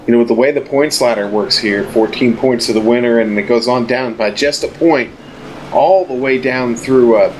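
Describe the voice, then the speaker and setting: A man doing casual, relaxed commentary for a sim racing broadcast, chatty and full of fillers. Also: mid-range voice. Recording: faint background noise.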